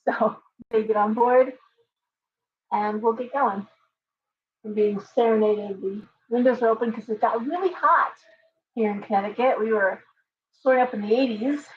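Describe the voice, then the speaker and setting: A woman's voice: fairly high pitch, moderate pace, pauses often, a little hiss or hum. Chatty woman on a lo-fi livestream. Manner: chatty, talks to her parrot in baby talk. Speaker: livestream host and tarot reader. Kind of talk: casual livestream chat. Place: home room with open windows. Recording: dull lo-fi livestream audio.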